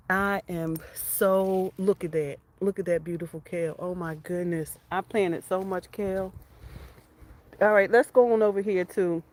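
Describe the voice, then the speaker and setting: A woman gives an excited, chatty tour of her garden outdoors. She keeps repeating herself and calls out to her viewers as y'all. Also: on the low side. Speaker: homestead vlogger.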